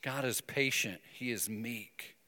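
A man preaching a sermon, telling a story and breaking into emphatic, animated bursts. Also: medium pitch, slow pace, long reverb tail. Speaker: pastor.

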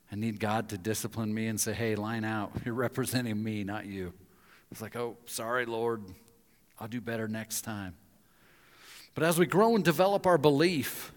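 Animated male pastor in a reverberant hall. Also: medium pitch. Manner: animated storyteller acting out quoted voices. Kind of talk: sermon with storytelling.

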